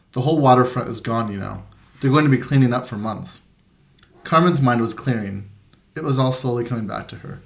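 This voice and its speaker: A man with a voice of ordinary, middle pitch reads a children's novel aloud to his students. He keeps it plain and unhurried, only lightly voicing the characters, like a teacher reading to the class from home. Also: creaky. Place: room at home with a printer nearby.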